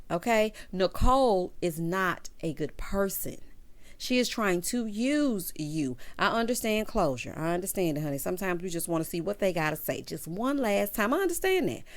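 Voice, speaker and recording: A woman giving a casual, sassy recap of a reality show, calling her listeners honey and child and laughing along as she goes. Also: mid-range voice. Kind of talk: casual chatty recap commentary.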